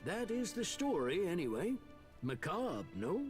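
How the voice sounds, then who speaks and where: Booming jovial noble. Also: male voice, sing-song, unhurried, darkish tone, soft background music. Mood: storytelling. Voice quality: booming, theatrical storyteller. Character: jovial portly middle-aged male noble, former royal bodyguard. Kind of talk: video game voice acting.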